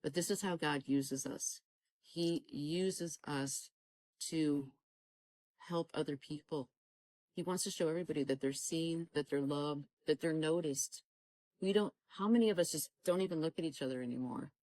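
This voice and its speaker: In an interview, a low-voiced woman recounts her faith testimony at a moderate pace, her tone mellow. Fervently she exhorts her listeners and frequently acts out remembered conversations. The audio is dry of echo but low in quality.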